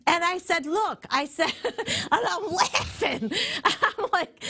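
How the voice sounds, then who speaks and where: A middle-aged woman, a podcast guest, telling a story in a casual, animated way, laughing and swearing freely. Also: extremely high pitch, slow, few pauses.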